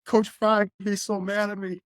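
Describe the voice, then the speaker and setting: A man's voice: high-pitched, flat delivery, a little slow, clear, resonant tone, no echo, studio quality, voice pushed up. A man putting on the voice of a panicked, whiny young male college teammate in trouble. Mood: distressed. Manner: whiny, distressed.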